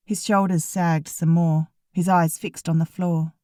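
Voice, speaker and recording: A woman narrating a first-person audiobook in an even, wry storytelling manner. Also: fairly low pitch, unhurried, few pauses, no echo, studio quality.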